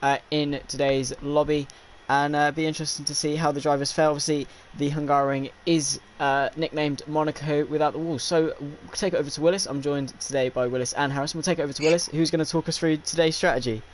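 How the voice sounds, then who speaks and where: Young man, race commentator, slightly high voice, halting filler-laden delivery, faint background noise. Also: steady tone. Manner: filler-heavy, hesitant play-by-play. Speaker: lead commentator. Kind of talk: sim racing league commentary.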